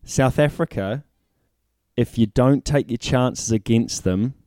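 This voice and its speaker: A man talks rugby in a relaxed, agreeable way and tosses in quick quips. His voice is mid-pitched with a warm, mellow tone. The recording is dry and close. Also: no echo. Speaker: rugby podcast co-host. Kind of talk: casual sports chat.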